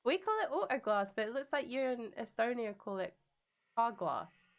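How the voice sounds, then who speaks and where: A woman's voice: a little high, big pitch swings, normal speed. A young woman streaming a game and chatting casually with viewers, playful and giggly, singing silly jingles between remarks.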